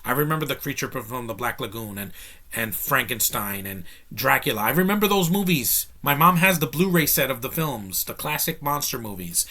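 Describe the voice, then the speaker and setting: A man's voice: medium pitch, expressive, moderate pace, sharp tone. A man hosting his own video channel, giving an opinionated, emphatic movie review in a casual, ranting way. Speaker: YouTube film reviewer.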